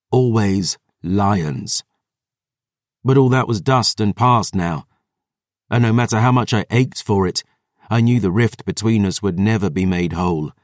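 A man reading a dark fantasy audiobook in a measured, dramatic way, close to the mic. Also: low-pitched, no echo. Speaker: audiobook narrator. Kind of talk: scripted narration.

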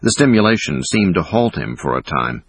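A man reading a thriller audiobook in a measured, dramatic way. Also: low voice, very animated, slightly rough, no echo. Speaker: audiobook narrator. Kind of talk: scripted narration.

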